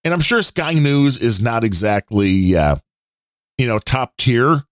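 A man hosting a casual talk show, chatting in an opinionated way with fillers and pauses. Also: medium pitch, animated, dry recording, clean studio sound. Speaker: podcast host. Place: Chicago area.

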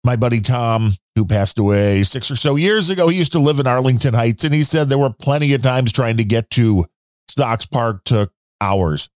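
A man's voice: medium pitch, normal speed, no room sound. Chatty male podcast host, dry close mic. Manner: chatty, rambling with fillers and asides. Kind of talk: casual chat.

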